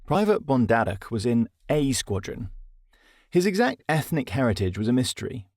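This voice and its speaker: A man's voice: medium pitch, big pitch swings, normal speed, darkish tone, no room sound, studio quality. A man with a British accent narrating his comedy audiobook in a wry, self-deprecating way. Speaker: narrator and author.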